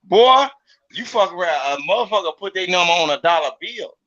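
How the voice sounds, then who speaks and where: A man from Mississippi talks loosely and profanely, circling back to repeat his points. His voice is forceful and bright, pitched a little high. The recording sounds muffled and lo-fi. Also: lively intonation, a little fast. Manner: profane, emphatic, repeats himself to drive a point home. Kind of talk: casual chat.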